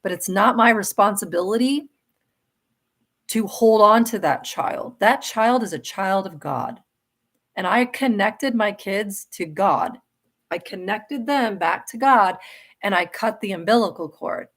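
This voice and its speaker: A woman's voice: mid-range voice, a little slow, a bit bright. A middle-aged woman hosting a live spiritual question-and-answer talk, earnest and emphatic, often restarting her sentences. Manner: earnest and emphatic, with laughs and self-corrections. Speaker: spiritual livestream host.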